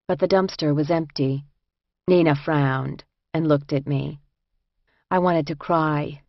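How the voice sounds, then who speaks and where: A woman narrating a first-person audiobook in an even, measured reading. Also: sits low, no echo, muffled recording.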